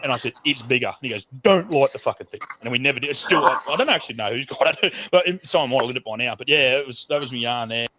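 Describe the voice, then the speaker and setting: A man's voice: mid-range voice, rapid-fire, hardly any pauses, a little hiss or hum. A man with an Australian accent telling a rowdy, profane story in casual talk on a group call. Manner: profane, animated yarn-spinner.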